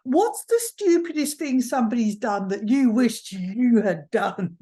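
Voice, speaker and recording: A woman's voice: on the high side, lively intonation, measured pace, warm tone, slightly rough. A woman in the audience asking questions and giving blunt, enthusiastic comments.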